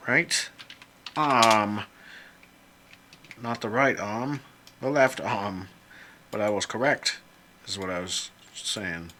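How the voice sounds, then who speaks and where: A man talks to himself as he draws on a computer, in a slow, unhurried ramble full of jokes and mild curses. His voice sits a little low but has a bright, forward edge. Faint room noise hums behind him. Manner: rambling, jokey self-talk with mild swearing. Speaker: illustrator drawing on screen. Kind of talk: casual commentary while drawing.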